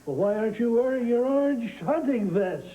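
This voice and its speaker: An actor playing a brisk, commanding small-town doctor in a soap opera. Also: male voice, very high-pitched, animated, mellow, a little hiss or hum, low-quality recording. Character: brisk male country doctor.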